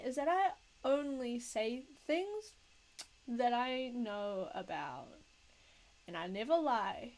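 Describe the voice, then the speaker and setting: Joking woman chatting slowly while drawing. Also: a little high, poor audio. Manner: self-mocking, joking, laughs often. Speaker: artist live-streaming her drawing. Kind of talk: casual live-stream chat while drawing.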